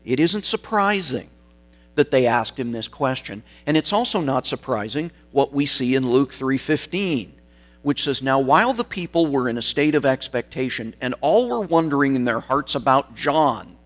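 A man's voice: mid-range voice, animated. Male preacher, emphatic explanatory sermon delivery, faint mains hum. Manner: explanatory, emphatic, slows on key words.

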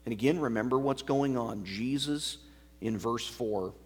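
A man preaching an expository sermon as pastor, explaining a passage line by line in a measured teaching manner. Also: mid-range voice, slightly rough.

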